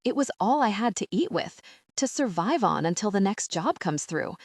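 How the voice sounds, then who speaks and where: A desperate, frightened young woman, played by the narrator, pleading in a rushed, anxious rush of words. The voice is rather low for a woman and recorded dry and close. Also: expressive, darkish tone, no echo.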